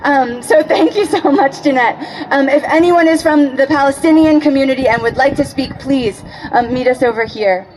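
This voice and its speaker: A woman's voice: high voice, moderate pace, hardly any pauses, darkish tone, low-quality recording. A woman emceeing an outdoor protest rally, introducing speakers with frequent hesitant fillers. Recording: crowd and outdoor noise.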